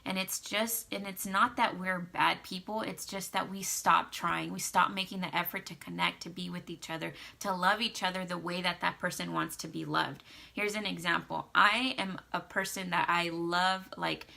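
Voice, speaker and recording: A woman's voice: fairly low pitch, fairly even intonation, moderate pace, gravelly, sharp tone. A young adult woman vlogging casual marriage advice, chatty with many fillers, acting out little quotes. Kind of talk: casual advice talk to camera.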